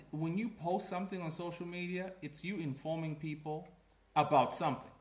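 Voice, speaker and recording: A man giving blunt, animated commentary as a comic creator, with slangy asides. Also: medium pitch. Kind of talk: casual ranting commentary. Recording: echoey room.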